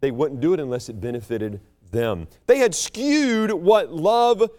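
Man preaching with big pitch swings. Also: expressive, measured pace, warm tone. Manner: swings from soaring preaching to low chatty storytelling. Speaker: pastor. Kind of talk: sermon.

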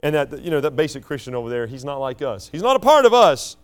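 Emphatic higher-voiced male preacher. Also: very animated, fast, clear, resonant tone. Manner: teaching, emphatic, rising and falling between loud stresses and quiet asides. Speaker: pastor. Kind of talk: sermon.

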